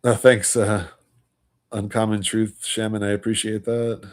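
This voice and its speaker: A man's voice: fairly low pitch, flat delivery, measured pace. A man hosting a livestream, talking in a casual, rambling way, filling his talk with "you know" and "like" and chuckling between points. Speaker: livestream host.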